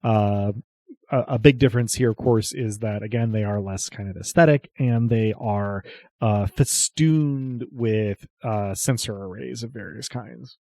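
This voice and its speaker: A man narrating as game master of a tabletop game, often chuckling and pausing on fillers. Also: on the low side, gravelly, no room sound. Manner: relaxed, chuckling, searching with many fillers.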